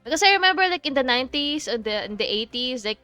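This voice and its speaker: A woman's voice: high voice, expressive, fast talker, sharp tone, soft background music. A woman from the Philippines with a Filipino accent, chatting casually while streaming a game, laughing often and swearing freely. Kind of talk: casual chat while playing.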